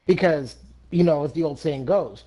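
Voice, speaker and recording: A man in casual chat who slips into a reflective, lecturing tone and leans on old sayings. His voice sits a little high for a man. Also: normal speed, mellow.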